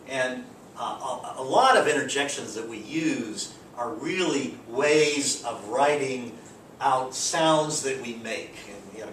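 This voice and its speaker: Male teacher, grammar lecture, relaxed with fillers, echoey room, far from the mic, rumbling noise. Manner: relaxed, explains with spoken examples and fillers. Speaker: English teacher.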